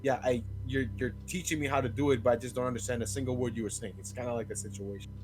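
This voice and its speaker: A man's voice: medium pitch, fairly even intonation, very fast, a little mellow, faint music behind, rough recording. A man who is sick, chatting casually as co-commentator, often stammering and repeating words. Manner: stammering, repeats words while searching for them. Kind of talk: casual gaming chat.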